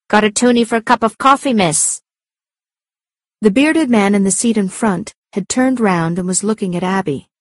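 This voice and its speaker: A woman narrating a story aloud in a clear, measured storytelling manner. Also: medium pitch, darkish tone, no room sound, studio quality. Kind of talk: scripted audiobook narration.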